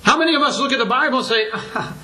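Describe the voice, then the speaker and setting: A man's voice: very high-pitched, racing, bright, forceful tone, poor audio. An older man preaching a sermon to his congregation, earnest and full of rhetorical questions, his voice climbing for emphasis.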